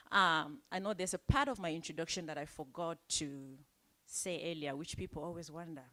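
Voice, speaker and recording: A woman's voice: deep voice, fairly quick, pushed and bright. A woman from Cameroon whose accent carries South African influence, hosting a live event in a chatty, playful way with frequent laughter.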